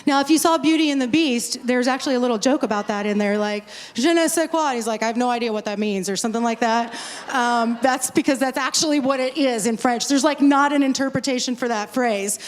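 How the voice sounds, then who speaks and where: A woman pastor in her forties talks casually to a conference crowd in a high voice, speaking a little fast with few pauses. She jokes and rambles with asides, and the recording has a long hall reverb.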